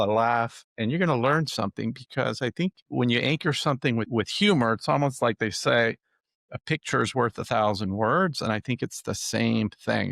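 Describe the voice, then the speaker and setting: A man's voice: medium pitch, vocal fry, fairly bright tone, dry recording, studio quality. A man hosting a podcast interview, conversational and asking long questions. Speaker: podcast host.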